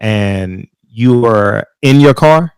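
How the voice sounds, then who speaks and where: Guy interviewer, kinda low voice, dry sound, keeps restarting his questions. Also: expressive, clean tone, no echo. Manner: halting, restarts questions, many soft "mm-hmm" backchannels.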